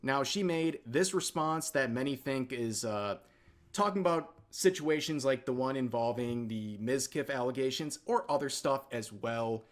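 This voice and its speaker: A man narrating a commentary video in a measured, explanatory way. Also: medium pitch. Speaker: commentary youtuber. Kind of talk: commentary narration in a played clip.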